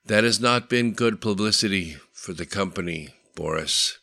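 An earnest, devoted delivery manager as a male narrator plays him who speaks with heartfelt sincerity. The voice is deep and gravelly, recorded dry and close. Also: normal speed, bright, forceful tone, no echo.

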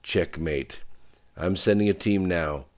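A man's voice: low-pitched, slow. A man voicing a clipped security man. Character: terse security man, Jones.

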